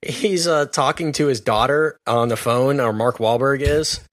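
A man's voice: medium pitch, a little slow, no room sound, studio quality. A man co-hosting a casual movie review chat, joking and rambling with many restarts. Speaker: podcast co-host.

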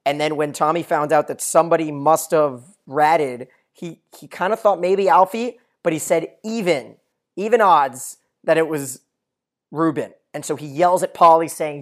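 A man's voice: a little high, moderate pace. Male recap podcaster, casual chat, thorough plot summaries, hesitant fillers. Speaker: podcast co-host.

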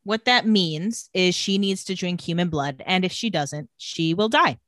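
A woman's voice: fairly low pitch, a little slow, a bit bright, dry recording. Chatty woman recapping a show. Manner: retells scenes with quoted lines, says "like" often. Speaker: podcast co-host recapping a TV episode. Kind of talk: casual chat.

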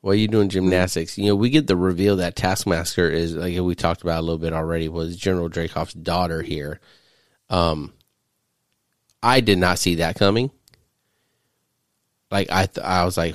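A man's voice: sits low, steady tone, normal speed, no echo, clean studio sound. A man hosting a podcast, recapping a movie in casual, profane chat and laughing often. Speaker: podcast host. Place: studio.

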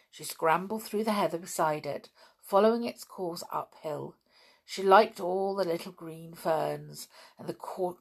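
A woman reading a children's storybook aloud with expressive, dramatic narration. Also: on the low side, breathy edge.

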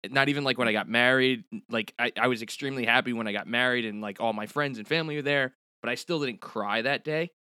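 Guy with a bright voice, very dry close sound, earnest chatty podcast talk full of likes. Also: medium pitch, fast, few pauses, clear, resonant tone, no room sound. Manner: lots of "like" fillers, earnest. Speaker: podcast host. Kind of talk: casual chat.

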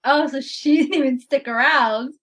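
A woman's voice: high voice, moderate pace, a bit bright. A woman co-hosting a podcast, reacting with short quips and wry asides in a casual chat. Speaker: podcast co-host.

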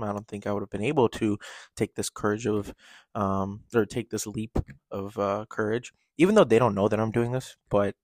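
A man's voice: fairly low pitch, darkish tone, no room sound. A man hosting his own podcast, talking candidly in a rambling solo monologue full of fillers and restarts. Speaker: podcast host.

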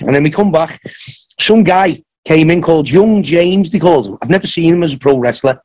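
A man telling a long wrestling story in a podcast interview, acting out what others said in lively bursts. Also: fairly high pitch, a little fast. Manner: animated anecdotes, acts out others' lines. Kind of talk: casual storytelling.

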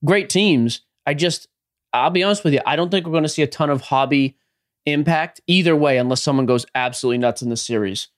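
A man's voice: on the high side, brisk. A man co-hosting a sports card podcast, teasing his partner and steering the rundown in casual banter. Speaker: podcast co-host.

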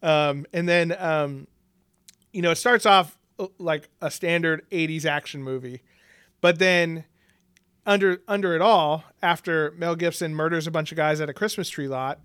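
A man's voice: fairly high pitch, moderate pace, a bit bright, clear, resonant tone, no room sound, studio quality. A man co-hosting a casual movie chat, laughing often and swearing freely as he rambles. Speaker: podcast co-host.

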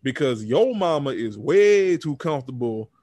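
A man's voice: medium pitch, big pitch swings, normal speed, mellow, no room sound. Casting note: male co-host with a mid-range voice, blunt and profane, on a dry close mic. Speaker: podcast co-host. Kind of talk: casual reality TV recap.

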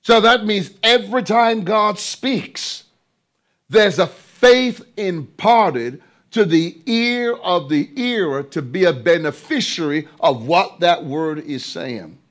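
A man's voice: sits high, lively intonation, takes it slowly, fairly bright tone. A man preaching a sermon, emphatic and drawn out, repeating phrases and throwing rhetorical questions to his listeners.

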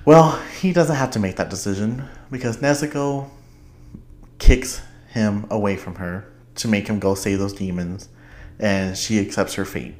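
Excitable young man rambling with laughs. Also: lowish voice, slight background noise. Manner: excitable, laughs often, rambling with many fillers. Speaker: podcast host. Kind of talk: casual chat.

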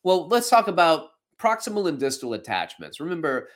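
A man's voice: a little high, huge pitch swings, brisk. A man hosting a podcast and teaching anatomy in a folksy, chatty way. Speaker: podcast host and fitness instructor. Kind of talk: casual anatomy lesson.

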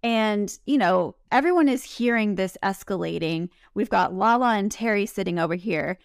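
Gravelly-voiced woman recapping reality TV. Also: mid-range voice, moderate pace, no room sound, studio quality. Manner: chatty, animated retelling with quoted asides. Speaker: podcast co-host. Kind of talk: casual recap chat.

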